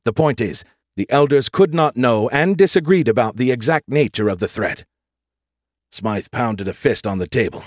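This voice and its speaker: A man's voice: mid-range voice, expressive, normal speed, no echo. A man reading a first-person story as an audiobook narrator, in a wry, dry storytelling manner.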